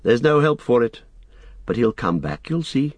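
A man voicing a weary, gentle young male hobbit leader who speaks softly and with earnest resignation. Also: mid-range voice, big pitch swings, normal speed, slightly rough, dry recording, pitched above the performer's own voice. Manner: soft-spoken and resigned, warmly earnest. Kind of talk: audiobook character voice.

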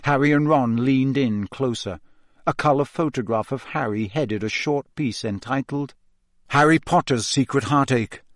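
A man reads a storybook aloud in a steady, expressive way. His voice sits in the middle range for a man. The recording is dry and close to the mic. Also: medium pitch, moderate pace, dry recording. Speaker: audiobook narrator. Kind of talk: scripted storybook narration.

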